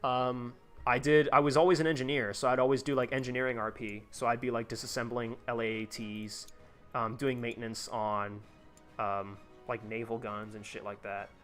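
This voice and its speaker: A man's voice: medium pitch, flat delivery, normal speed, a bit bright, faint music behind. A young man live-streaming a game, chatting casually and rambling with lots of fillers and restarts. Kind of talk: casual gameplay commentary.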